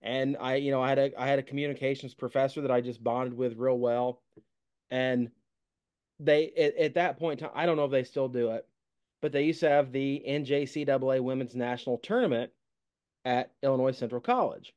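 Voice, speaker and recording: A man hosting a casual podcast interview, telling stories in a relaxed, self-deprecating way. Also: mid-range voice, brisk, clear, resonant tone. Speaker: podcast host.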